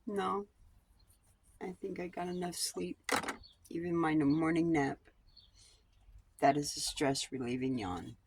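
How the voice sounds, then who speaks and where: A woman's voice: sits low, unhurried, pauses often, darkish tone, slight background noise. Blunt, rambling woman vlogger. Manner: blunt and digressive, swears freely. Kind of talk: rambling personal monologue on coping.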